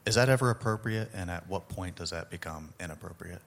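A man from the audience asking a careful, measured question. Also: sits low, gravelly.

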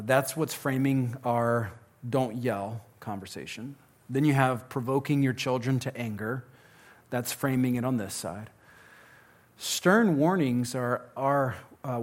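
A man's voice: medium pitch, measured pace. A man speaking at a live question-and-answer session, conversational and joking, often restarting his sentences. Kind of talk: live Q&A talk.

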